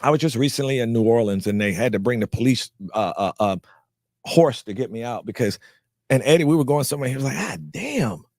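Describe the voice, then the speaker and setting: Fast-talking animated male storyteller. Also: mid-range voice, dry recording, clean studio sound. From North Carolina. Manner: animated storyteller who acts out quoted people; repeats words as he restarts. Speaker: actor guest. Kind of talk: storytelling in a live interview.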